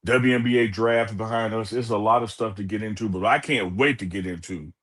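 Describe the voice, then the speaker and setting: A man's voice: brisk, fairly bright tone. Hyped-up sports talk co-host man. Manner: hype, playful, big swings in pitch. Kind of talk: casual sports talk show.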